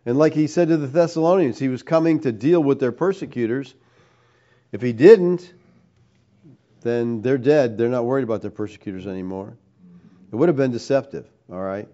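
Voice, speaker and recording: A man delivers a teaching sermon in a warm, mellow voice of middling pitch. He argues emphatically, stacking rhetorical questions. The recording sounds dull and lo-fi. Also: normal speed. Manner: emphatic, rhetorical questions, tags "all right?". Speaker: preacher.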